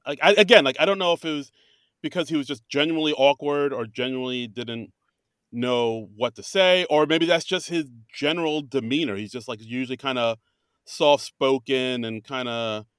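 A man's voice: medium pitch, fairly bright tone, smooth, no room sound, studio quality. A man co-hosting a podcast, chatting casually and rambling through his thoughts with many fillers and restarts. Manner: rambling, halting, lots of fillers. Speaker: podcast co-host. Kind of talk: casual chat reviewing a comedy show. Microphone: remote call recording.

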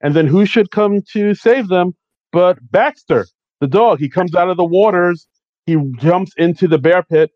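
A man's voice: high voice, normal speed, no echo, muffled recording. A man co-hosting a casual podcast, recapping a comedy movie in a laid-back, wry way and laughing often. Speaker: podcast co-host.

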